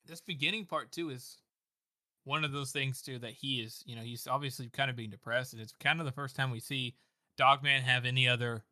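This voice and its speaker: A man's voice: medium pitch, fairly even intonation, a little fast, pushed and bright, no room sound, clean studio sound. A man co-hosting a podcast, rambling through a chapter summary in casual chat full of fillers and swearing. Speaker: podcast co-host. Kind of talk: casual book-club chat.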